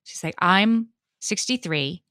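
A woman's voice: fairly low pitch, slow, dry recording, studio quality. A woman in her late thirties telling stories on a podcast, acting out what others said. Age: 30s. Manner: animated storyteller acting out quotes. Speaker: podcast co-host. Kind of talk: casual storytelling chat.

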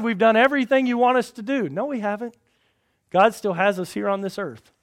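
A middle-aged pastor with a high voice preaches a sermon, telling folksy stories and swinging between loud emphasis and quiet asides.

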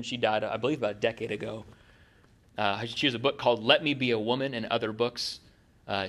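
Middle-aged male pastor, conversational sermon delivery, rhetorical questions to the congregation. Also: mid-range voice.

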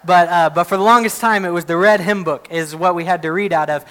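A man's voice: fairly even intonation, brisk, smooth. A man preaching a sermon as a pastor, reading scripture aloud and then explaining it in casual asides. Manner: prays in a hushed, lowered voice.

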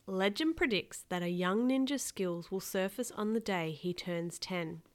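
A woman's voice: mid-range voice, unhurried, close to an everyday voice. A woman reading aloud as a serious, caring mother, earnest and grave.

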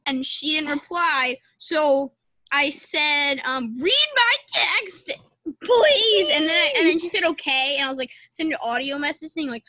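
High, bright-voiced rambling girl. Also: normal speed, no room sound, poor audio. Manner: rambling, giggly, acts out texts in a sassy voice. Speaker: podcast co-host. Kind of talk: casual chat.

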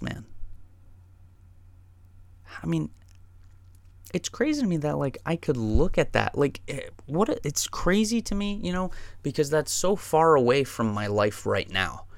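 Gravelly man telling a wild story. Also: mid-range voice, no echo. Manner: profane, emphatic, says "dude" and "man" a lot. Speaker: podcast host. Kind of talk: casual storytelling monologue.

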